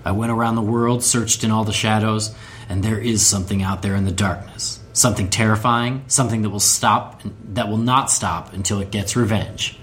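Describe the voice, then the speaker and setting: Man voicing a brooding caped-hero Bruce Wayne, pitched well below his own voice, slow and grim. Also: fairly even intonation, fairly bright tone, slight background noise, lightly acted. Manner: low, grim, measured delivery. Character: brooding young Bruce Wayne vowing revenge.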